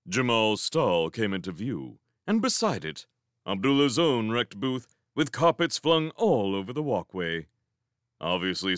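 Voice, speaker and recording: A man reading a storybook aloud as narrator, with a measured, expressive storytelling manner. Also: on the low side, no room sound, clean studio sound. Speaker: reader. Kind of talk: audiobook narration.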